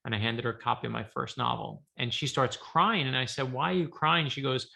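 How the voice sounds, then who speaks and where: A middle-aged author, a man, chatting as an interview guest and telling lively stories, acting out the voices of the people in them. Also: medium pitch, a little fast, gravelly. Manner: animated storyteller, acts out quoted voices. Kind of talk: casual interview chat.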